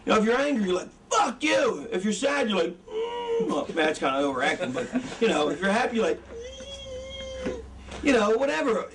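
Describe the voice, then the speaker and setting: A middle-aged wrestling trainer with a high, fairly bright voice teaches casually and profanely, rambling and often losing his train of thought. The mic is distant, with faint noise in the background.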